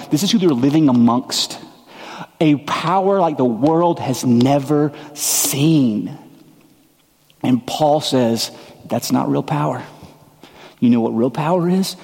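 A male pastor giving a sermon, shifting into casual, conversational storytelling with relaxed asides. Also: medium pitch, long reverb tail.

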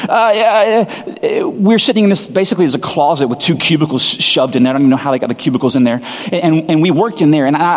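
Male pastor, forties, casual rambling storyteller, husky tone, long reverberant church sound. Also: medium pitch. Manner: casual, self-deprecating storyteller with many restarts. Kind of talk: sermon with storytelling.

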